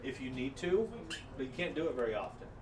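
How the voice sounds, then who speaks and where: A man narrating as game master of a tabletop game, joking and halting as he goes. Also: medium pitch, animated, a crowd in the background. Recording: roomy, distant mic with clear noise.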